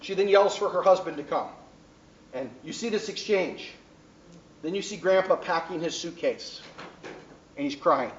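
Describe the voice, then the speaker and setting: Lecturing teacher, man with a high voice, taped from the back of an echoey, dull-sounding classroom. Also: moderate pace, pauses often, far from the mic, slight background noise. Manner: keeps checking in with the class.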